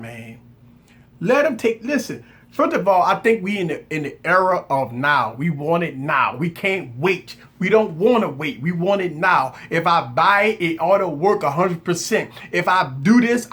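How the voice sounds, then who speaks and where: A man hosting a casual tech livestream, preaching his point with lots of repetition and mock shouted reactions, greeting viewers by name. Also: high-pitched. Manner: repeats phrases for emphasis, greets viewers by name. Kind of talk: casual live chat.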